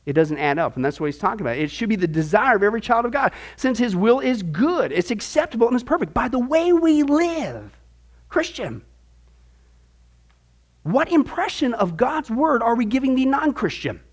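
A man's voice: very high-pitched, big pitch swings, a little fast. A man teaching a discipleship Bible class, asking rhetorical questions and acting out little voices as he goes.

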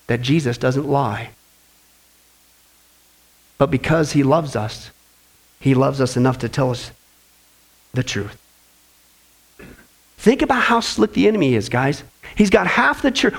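A man's voice: sits high, vocal fry, fairly bright tone. A man preaching a sermon during a Bible study. He speaks emphatically and keeps asking the congregation rhetorical questions.

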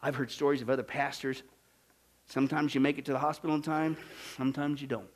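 A male pastor preaching a sermon, swinging from hushed, low lines to loud, emphatic ones. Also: fairly even intonation, fairly quick.

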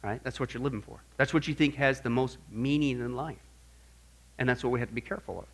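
A man preaching a sermon to his congregation, animated and joking, firing off rhetorical questions. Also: mid-range voice, fast. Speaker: pastor.

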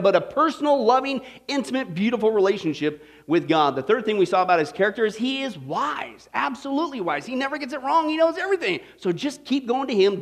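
A man preaching a sermon, telling a funny story with lively asides and frequent "okay?" check-ins. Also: high-pitched. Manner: joking storyteller, animated, many "okay?" and "right?" asides. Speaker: pastor.

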